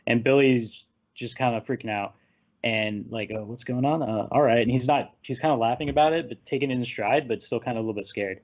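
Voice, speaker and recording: A man's voice: medium pitch, fast talker. Rambling man on a tinny line. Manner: rambling scene-by-scene retelling, laughing at his own jokes. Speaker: podcast host. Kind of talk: casual movie discussion.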